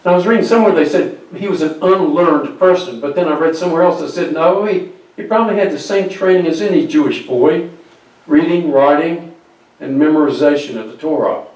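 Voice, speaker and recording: A male pastor telling a Bible story in a conversational sermon with halting restarts, recorded from a distance in an echoey church. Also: a little high, a little mellow. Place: church sanctuary. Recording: very echoey hall, distant mic.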